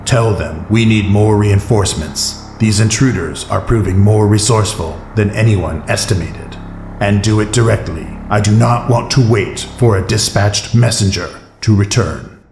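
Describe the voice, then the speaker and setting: A man's voice: fairly low pitch, normal speed, darkish tone, lightly acted. A man voicing a cold, ruthless male demonic sorcerer who gives commanding, clipped orders. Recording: roomy echo, faint music bed.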